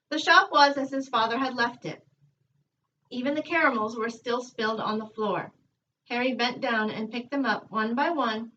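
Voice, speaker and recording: Teacher lady reading a kids book out loud, calm and steady, bright voice, sounds far from the mic and a bit muffled. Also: on the high side, slight background noise. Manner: calm, measured storytelling. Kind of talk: reading a children's book aloud.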